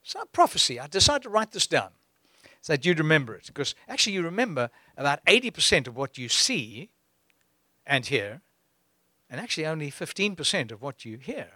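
A man's voice: on the high side, very animated, a little fast, sharp tone, no room sound. A man preaching a sermon in an exhorting way, breaking into chuckles.

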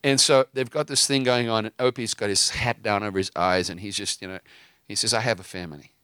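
A man's voice: lowish voice, fairly even intonation, a little fast, bright, forceful tone, clean tone, no echo, studio quality. A man preaching with fiery emphasis, mixing stories and casual asides with scripture. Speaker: preacher and host. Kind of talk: impassioned preaching.

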